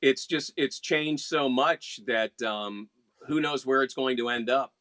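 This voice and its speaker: A man's voice: medium pitch, measured pace, a bit bright, no room sound. A man from West Virginia, a veteran radio announcer co-hosting a casual chat show, talking in an easygoing, wry, teasing way.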